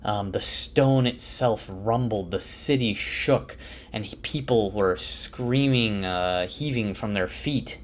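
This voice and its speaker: Low-voiced man casually summarizing a book. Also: slow, a little hiss or hum. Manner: casual, full of "like" and "uh".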